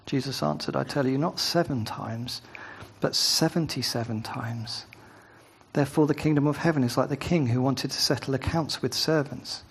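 A man's voice: mid-range voice, normal speed, gravelly, husky. A man preaching a sermon, first reading scripture aloud, then talking it through conversationally with asides and tag questions.

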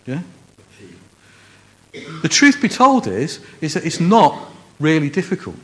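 A man's voice: fairly high pitch, very animated, unhurried, long pauses, a bit bright. A man with a Scouse accent from Liverpool, preaching in a conversational, joking way, often restarting his phrases. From Liverpool, England. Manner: self-deprecating humor, frequent restarts. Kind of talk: conversational sermon.

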